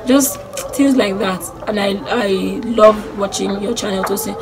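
A young woman with a Nigerian accent talks to camera in a casual, gushing way, circling back to the same praise again and again. Her pitch sits mid-range for a woman. There is clear background noise under her voice throughout. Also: a little slow. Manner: gushing, excitable, repeats herself. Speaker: YouTuber. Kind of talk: casual vlog chat.

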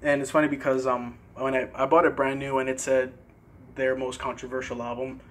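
In a casual vlog, a young man shows off his CD collection, relaxed but a bit hesitant, using fillers and pausing to pronounce tricky words carefully. His voice is medium-pitched, with slight background noise.

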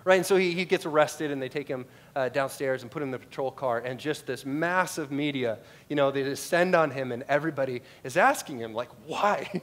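A man's voice: mid-range voice, fairly quick, few pauses. A man with an American accent preaching a sermon to a congregation, telling stories and asking repeated rhetorical questions. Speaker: pastor.

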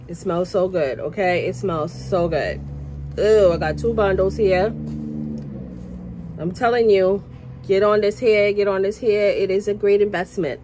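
A woman talks to camera from her workplace in an easy, chatty vlog style. Her voice sits at a middling pitch and she often repeats phrases. She gets passionate and loud at times, with faint ambient noise behind her. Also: poor audio. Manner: chatty, repeats herself, tags lines with "okay?". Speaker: vlogger. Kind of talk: casual chat to camera. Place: at work, indoors.

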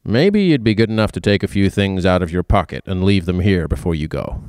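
A man reading aloud and voicing a stern older male drugstore owner who speaks quietly and accuses bluntly. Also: low-pitched, expressive, fairly quick, no room sound, studio quality. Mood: quiet, controlled.

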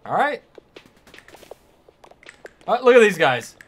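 A man's voice: high voice, sing-song, takes it slowly. A man streaming a video game and reacting with casual, joking commentary, sometimes swearing.

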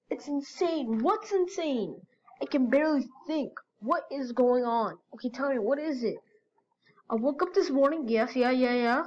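A woman hosting her channel, reading chat stories aloud with excitable, gasping reactions. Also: high-pitched, normal speed, dull audio. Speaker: channel host.

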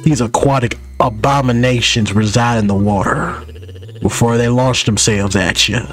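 A man voicing a boastful old male cat who spins long, drawn-out tales of his battles. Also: medium pitch, fairly even intonation, a bit bright, faint music behind, lightly acted. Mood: boastful storytelling.

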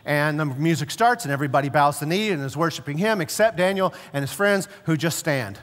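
A man preaching a sermon as pastor, telling stories emphatically and slowing down and dropping low to stress key words. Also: expressive, a bit bright, in a large hall. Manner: storytelling, emphatic, slows and drops low for stress. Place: church sanctuary.

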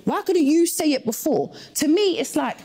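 A woman's voice: high-pitched, sing-song, moderate pace, a little mellow. A woman guest in a couple's argument, defending herself firmly and arguing her case point by point. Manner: firm, defensive, argues point by point. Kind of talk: casual debate.

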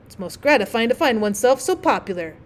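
A talkative, self-satisfied frog, gushing on without pause, as a woman voices it in a storybook reading. The voice sits fairly high and eager. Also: very animated.

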